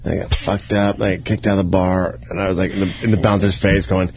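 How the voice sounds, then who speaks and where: A man co-hosting a casual radio talk show, telling rowdy stories and bursting into shouts. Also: low-pitched, quick pace. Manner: rowdy, excitable storyteller who bursts into shouts. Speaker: co-host. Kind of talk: casual late-night radio chat. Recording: noisy background hiss.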